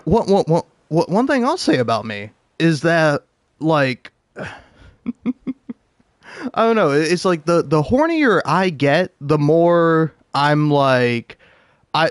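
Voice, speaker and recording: A gaming commentator in his twenties rambles casually over gameplay in a slightly high voice, recorded with studio quality and no room sound. He stammers and chuckles often.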